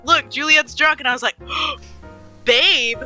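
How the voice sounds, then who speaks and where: A woman co-hosting a tabletop game podcast in casual chat, excitable and quick to react, acting out the characters' lines. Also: high voice, soft background music, rough recording. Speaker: podcast co-host and player.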